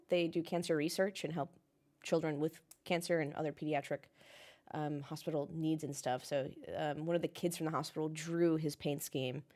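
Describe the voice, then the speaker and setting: A young woman casually chatting on a livestream, reading chat comments and ranting with the odd swear word. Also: sits low. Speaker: livestream host watching a race with chat. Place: home, in Melbourne.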